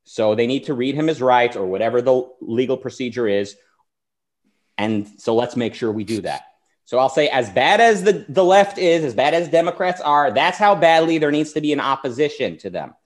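A man's voice: medium pitch, normal speed. A man hosting a talk show, delivering an argumentative political monologue and acting out the people he quotes. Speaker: show host.

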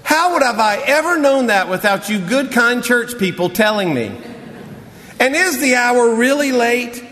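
A man's voice: on the low side, slow, long reverb tail, voice pushed down. A man voicing an imagined sarcastic figure who feigns astonishment with overdone mock surprise. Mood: mock-amazed.

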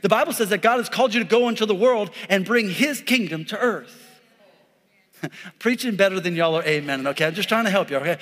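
A man preaching a lively, conversational sermon as a pastor, calling out to his congregation. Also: high voice, a little fast, in a large hall. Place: church sanctuary.

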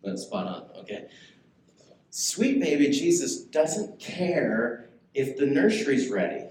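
In a church sanctuary, a male pastor preaches a sermon at a slow, slightly mellow pace, his medium-pitched voice swinging widely. He keeps it conversational and poses questions to the congregation, with the echoey room carrying faint ambience.

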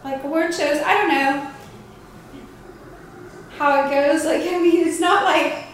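A woman's voice: sits high, steady tone, a little slow, very echoey, slight background noise, poor audio. A woman from East Texas co-hosting a stream, chatting casually, self-mocking, giggly and swearing loosely. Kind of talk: casual chat.

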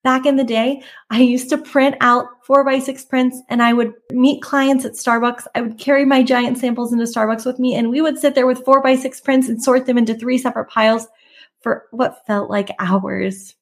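A woman's voice: on the high side, steady tone, normal speed. A woman host of a podcast for photographers, talking candidly and conversationally about her own path, with emphatic rises now and then. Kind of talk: personal storytelling monologue.

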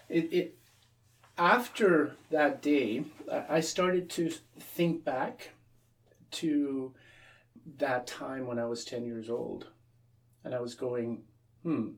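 Gravelly-voiced priest telling a story. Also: male voice, a little high, lively intonation, slow, distant mic. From Canada. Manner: repeats words and restarts often, acts out quoted voices. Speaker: Anglican priest, interview guest. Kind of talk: storytelling in a conversational interview.

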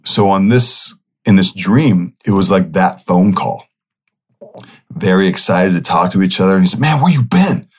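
Low-voiced man telling a rambling story. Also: fairly even intonation, normal speed. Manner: loose, rambling, with many fillers and self-corrections. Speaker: podcast host. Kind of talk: casual storytelling monologue.

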